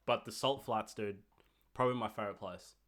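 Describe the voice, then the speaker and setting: A young Australian man hosting a casual podcast chat, talkative and animated, with lots of "like" and "dude". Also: fairly low pitch, a little fast. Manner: chatty, animated, filler-heavy with "like" and "dude". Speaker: podcast host.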